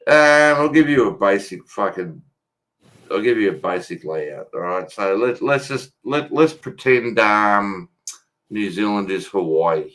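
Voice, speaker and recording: A man's voice: lowish voice, expressive, measured pace, fairly bright tone. An Australian man in loose, joking livestream chat who swears freely. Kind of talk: casual chat.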